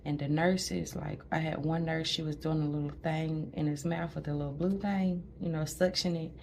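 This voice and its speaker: A woman with a low voice tells her birth story in a hospital room. She is chatty, laughs often and sometimes drops to a near whisper. Faint room noise hums behind her. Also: fairly even intonation, moderate pace, gravelly, darkish tone. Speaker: new mother recounting a birth. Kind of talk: casual storytelling to camera.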